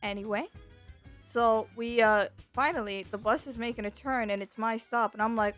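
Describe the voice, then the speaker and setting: A woman VTuber telling a casual storytime with animated, exaggerated delivery and acted-out quotes. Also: on the high side, moderate pace, faint music behind. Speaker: VTuber streamer.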